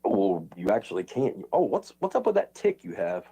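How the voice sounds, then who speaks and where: A man's voice: fairly low pitch, sing-song, moderate pace, warm tone, breathy edge. A man streaming a heated online argument, taunting and insulting the other speaker in a mocking tone.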